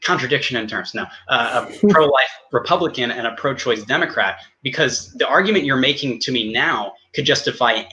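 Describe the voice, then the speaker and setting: Bright-voiced man debating fast. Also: medium pitch, animated, poor audio. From United States. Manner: rapid, halting, many restarts. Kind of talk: online debate, cross-examination.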